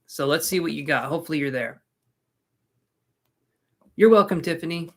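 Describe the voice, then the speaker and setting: A man's voice: on the high side, moderate pace. Chatty man giving live tarot readings. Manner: casual, chatty, joking asides to viewers. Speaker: tarot reader.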